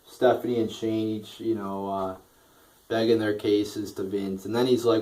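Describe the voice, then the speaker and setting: A tired man in a casual, profanity-laden rant reviewing a wrestling show, yawning and tripping over his words. His voice sits fairly low. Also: flat delivery, moderate pace, dark tone, far from the mic, rough recording. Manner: tired, profane, rambling with restarts and yawns. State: sleepy, yawning.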